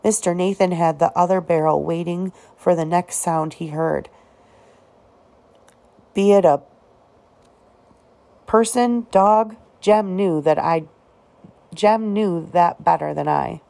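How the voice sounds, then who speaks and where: A woman reads a novel aloud in a steady, unhurried way, her voice sitting low with a noticeable vocal fry. The reading flows calmly from one sentence to the next. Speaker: audiobook reader.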